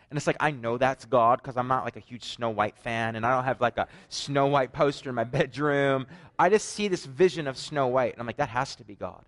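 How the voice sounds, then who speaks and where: A man's voice: mid-range voice, normal speed. Canadian man preaching a casual sermon. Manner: animated storytelling, joking asides. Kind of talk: conversational sermon.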